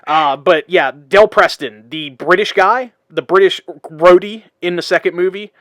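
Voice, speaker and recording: A man with a fairly high voice hosts a relaxed podcast chat, laughing a lot and slipping into a mock British accent for movie quotes. The sound is dry and close, with no room around it. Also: measured pace, dry recording. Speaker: podcast host. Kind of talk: casual chat.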